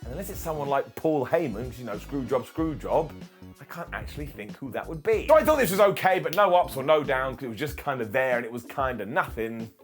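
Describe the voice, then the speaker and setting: A man hosting a casual wrestling review, sarcastic, animated and joking. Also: mid-range voice, fast, hardly any pauses, faint music behind.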